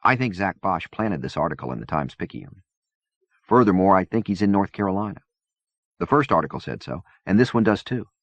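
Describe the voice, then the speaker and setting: A man voicing a nerdy young man who talks briskly and insistently, sounding self-important. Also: deep voice, big pitch swings, no echo, pitched above the performer's own voice. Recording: dull dry cassette-era recording.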